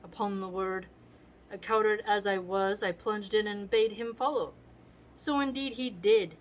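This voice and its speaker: A woman reading aloud as a scheming, envious Roman nobleman, in a measured recitation. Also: medium pitch, a little hiss or hum, close to an everyday voice, poor audio. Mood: resentful.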